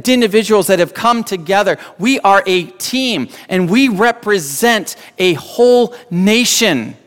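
Storytelling pastor in a reverberant church. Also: male voice, a little high, a bit bright. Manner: storytelling, acting out quotes. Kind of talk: sermon.

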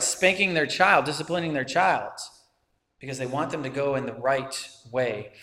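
A man preaching with earnest, measured delivery, his voice a little higher than most men's. He keeps checking in with the listener as he teaches. The sound is roomy and carries a long hall reverb. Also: a bit bright. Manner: earnest, measured, asks "right?" and "okay?" to the listener. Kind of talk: sermon.

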